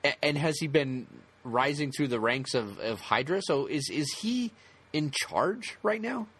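A man co-hosting a casual podcast chat, talking in halting bursts with many restarts and fillers. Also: on the high side, lively intonation, fairly bright tone, husky.

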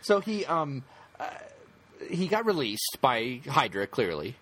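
A man co-hosts a casual conversation about a TV show. His pitch sits in the middle for a man. He speaks in halting bursts full of fillers and restarts. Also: very animated, fairly bright tone. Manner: halting, many restarts and fillers, laughs often. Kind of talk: casual chat.

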